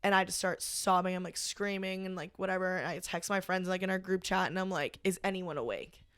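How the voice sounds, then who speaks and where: A young woman, a podcast guest, recounting a personal story in casual conversation, halting and full of "like". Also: lowish voice, fairly bright tone, smooth, no room sound, studio quality. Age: young adult. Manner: halting, heavy use of "like", emotional retelling.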